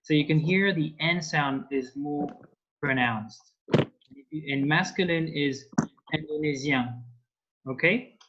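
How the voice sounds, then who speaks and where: French-accented male tutor, unhurried, dull call audio. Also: on the high side, fairly bright tone. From France. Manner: patient, slow explanations with many fillers. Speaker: language teacher. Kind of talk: online language lesson.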